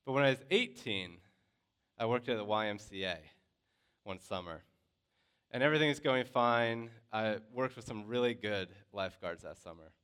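A man telling a personal story to a class in a lively, conversational way, with lots of filler words. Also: fairly low pitch, moderate pace, smooth.

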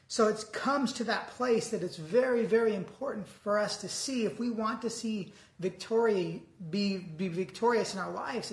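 A preacher giving an earnest sermon, reading scripture aloud slowly and deliberately. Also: mid-range voice, roomy sound.

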